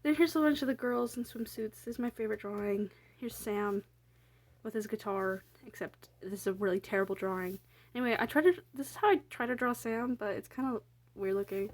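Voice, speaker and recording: A woman's voice: medium pitch, brisk. A young woman casually rambling through her sketchbook, full of fillers, self-deprecating asides and casual swearing. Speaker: artist showing her sketchbook.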